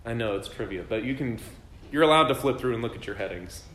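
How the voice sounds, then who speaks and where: A man teaches a Bible lesson to a class, asking them questions and joking about his own drawing skills. His voice sits at an ordinary middle pitch. The sound is roomy and echoey, as if captured in a classroom. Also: animated, fast talker, fairly bright tone, slight background noise. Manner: conversational, quizzes the class, self-deprecating jokes. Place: classroom with a group. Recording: echoey room.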